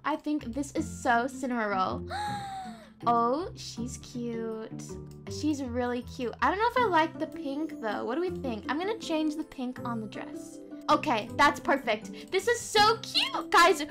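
A high, sing-song Australian woman talks through her gameplay in a bubbly, excitable way. Her voice leaps up and down as she gasps and gushes. Game music plays clearly underneath her voice-over. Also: a little slow. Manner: bubbly, gasping, lots of "like" and "oh my gosh". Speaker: gaming YouTuber. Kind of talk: casual gameplay commentary.

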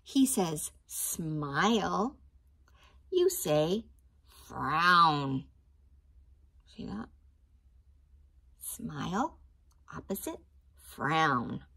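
Slow, lively teacher reading to kids. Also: female voice, on the low side, creaky, breathy edge. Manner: slow, expressive, sing-song storytime delivery. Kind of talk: reading a picture book to children.

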